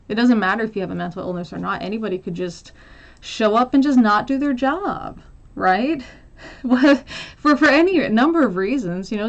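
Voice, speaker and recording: A woman's voice: mid-range voice, highs cut off. Chatty American woman livestreaming. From United States. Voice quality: chatty, laughs often, many fillers and trailing asides. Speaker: livestream host answering viewer questions. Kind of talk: casual chat.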